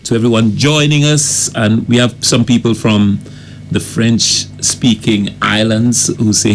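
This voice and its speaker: Gravelly-voiced male radio co-host. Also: fairly low pitch, fairly even intonation, a little hiss or hum. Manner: measured, stresses discipline and focus. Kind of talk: morning radio talk show chat.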